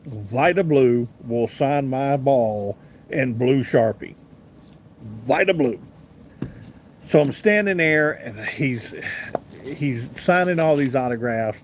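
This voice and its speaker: Man, 50s, talk host, casual anecdotal storyteller, middle pitch, faint background hiss. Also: animated, slow pace. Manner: chatty, rambling anecdotal delivery with asides to viewers. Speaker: radio talk show host. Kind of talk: casual live-stream storytelling, reading chat comments.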